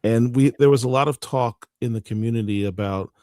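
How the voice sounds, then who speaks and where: A man's voice: mid-range voice, fairly quick, warm tone, no room sound. Earnest man on a podcast, dry sound. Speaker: podcast co-host. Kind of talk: casual chat.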